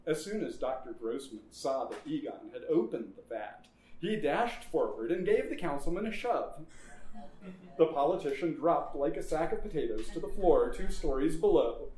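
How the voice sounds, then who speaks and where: A man narrates a story with measured pacing and a fairly high voice for a man. The sound carries a noticeable room echo. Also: expressive, dark tone. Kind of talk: storytelling reading. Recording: echoey room.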